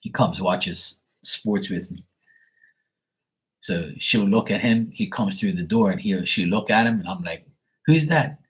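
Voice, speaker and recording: A man's voice: low-pitched, steady tone, measured pace, slightly rough, rough recording. A man reading tarot on a livestream from home, telling rambling stories in a casual way and swearing freely. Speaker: psychic tarot reader.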